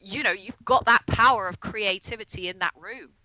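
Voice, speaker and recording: Woman guest, bright, earnest explainer, lo-fi mic. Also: mid-range voice. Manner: explains earnestly, slows down on key terms. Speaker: astrologer guest on a comedy podcast. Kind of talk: casual podcast conversation.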